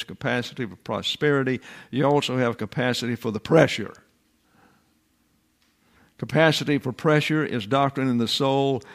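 An older man giving a classroom-style Bible sermon, deliberate and emphatic, repeating his key phrases. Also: mid-range voice. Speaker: Bible teacher.

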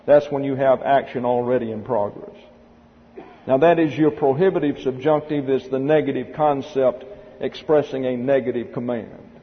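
A man's voice: mid-range voice, moderate pace. Man lecturing methodically in a reverberant hall. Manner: methodical, spells words out letter by letter. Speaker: Bible teacher. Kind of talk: classroom lecture on Greek grammar. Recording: dull lo-fi recording with long hall reverb.

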